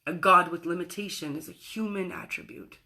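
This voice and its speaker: A woman's voice: fairly low pitch, fairly quick, bright, forceful tone. A woman giving a motivational spiritual talk on a livestream. She speaks expressively, with emphatic repetition, and acts out quoted voices. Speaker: spiritual coach.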